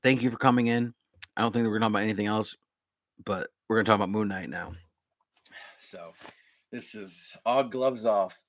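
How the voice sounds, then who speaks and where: Excitable rambling male podcast host. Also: fairly low pitch, no echo. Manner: excitable, rambling, quick bursts. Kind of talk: casual live-stream chat.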